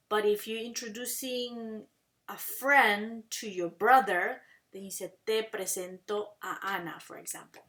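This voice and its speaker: A woman teaching a Spanish lesson in English, explaining patiently and saying Spanish phrases slowly and clearly for learners to repeat. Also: mid-range voice, fairly bright tone. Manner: explains patiently, asks "okay?" and "right?" to check understanding. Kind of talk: classroom language lesson.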